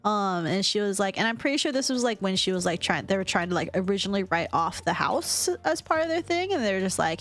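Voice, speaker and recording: A woman's voice: medium pitch, expressive, fast talker, hardly any pauses, fairly bright tone. Chatty, swearing young woman telling a story. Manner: chatty, profane, laughing often, lots of fillers. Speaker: vlogger. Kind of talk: casual storytime retelling.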